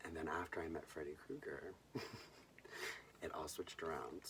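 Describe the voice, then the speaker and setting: A young man with a very low voice hosts a soft-spoken bedtime movie vlog. He tells his stories in a hushed, intimate way and often slips into a whisper. He sits slightly away from the mic, with a faint hiss behind him. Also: unhurried, distant mic. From Southern California. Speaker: host.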